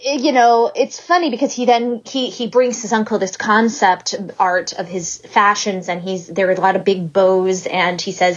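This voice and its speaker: A woman co-hosting a podcast, chatting casually about a film, animated and quick to laugh. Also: muffled recording. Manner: animated, laughs, jumps to high pitch for impressions. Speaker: podcast co-host. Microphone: remote video call.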